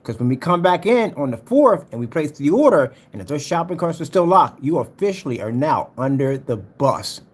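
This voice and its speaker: A man's voice: a little high, sing-song, moderate pace, hardly any pauses, slightly rough. A man hosting a livestream, ranting in a heated, mocking way and talking straight to his chat. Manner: heated, mocking, repetitive, talks to chat directly. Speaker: livestream host.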